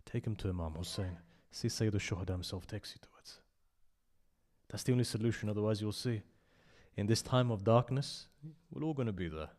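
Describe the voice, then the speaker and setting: Low-voiced guy preaching at a memorial gathering, gets loud then goes quiet, very passionate. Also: fairly quick. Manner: impassioned, rising to loud emphasis and dropping to hushed asides. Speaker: speaker at a memorial majlis. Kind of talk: sermon with storytelling.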